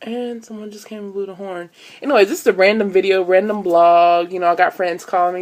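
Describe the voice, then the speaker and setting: A woman's voice: mid-range voice, steady tone, brisk, a little mellow. A woman, chatting to camera at home and telling stories with many ums and "so look". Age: 20s. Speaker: vlogger. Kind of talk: casual chat to camera. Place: at home, upstairs room.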